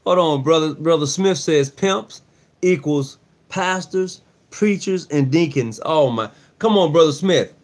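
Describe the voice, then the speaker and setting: A man's voice: fairly high pitch, measured pace. Chatty man from Mississippi. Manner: chatty, backs up the other speaker with frequent "mm-hmm". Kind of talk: casual chat.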